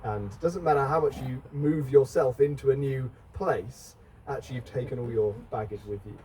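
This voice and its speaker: Mellow preacher, chatty sermon. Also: male voice, medium pitch, normal speed. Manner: chatty, asks the congregation questions. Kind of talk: conversational sermon. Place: church. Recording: distant mic, faint background noise.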